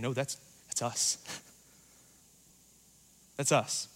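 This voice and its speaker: A man preaching a sermon in a church, talking casually and joking, going loud and then quiet for emphasis. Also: medium pitch, takes it slowly, breathy edge. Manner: conversational, joking, rises and drops in volume for emphasis.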